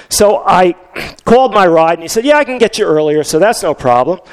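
A man's voice: sits high, expressive, a little fast, smooth. An older male pastor telling a story in a conversational sermon, with frequent restarts.

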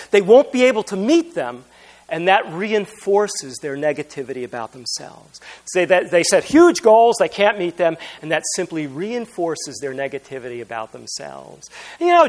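A man preaching a sermon as pastor, telling humorous, self-deprecating stories. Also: high-pitched.

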